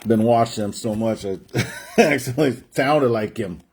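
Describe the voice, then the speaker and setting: With a medium pitch and a breathy edge, a man talks a bit slowly while hosting a sports card break stream. He chats, jokes and announces player names as the livestream banter goes on.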